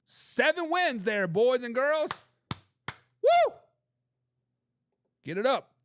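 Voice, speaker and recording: A man's voice: very high voice, measured pace, slight background noise. A man hosting a football talk show, arguing emphatically and reading chat comments. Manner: emphatic, animated and opinionated, repeats phrases for emphasis.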